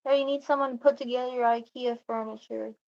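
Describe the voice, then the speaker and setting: This woman's fairly high voice is steady and darkish with vocal fry, recorded lo-fi. Chatting casually as a vlogger, she rambles through a story, restarts often, and tosses in quick quotes of what others told her.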